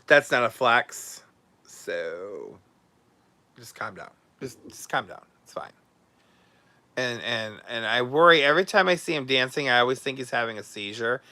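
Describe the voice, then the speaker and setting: A man's voice: medium pitch, bright, forceful tone, dry recording. A male host chatting casually on a livestream, blunt and sarcastic with crude language.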